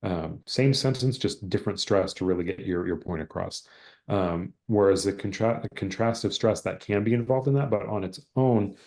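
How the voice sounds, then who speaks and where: Man, exam-prep instructor, deep voice, hesitant delivery full of "um" and restarts, heard over a video call. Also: darkish tone. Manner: hesitant, many fillers and word searches. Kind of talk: online teaching session.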